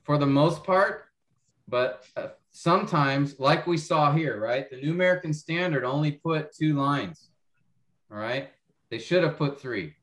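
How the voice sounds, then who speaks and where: A man's voice: a little high, lively intonation, unhurried, fairly bright tone, reverberant. A man teaching a Bible class over a video call, explaining step by step and often checking that students follow. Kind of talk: online class lecture.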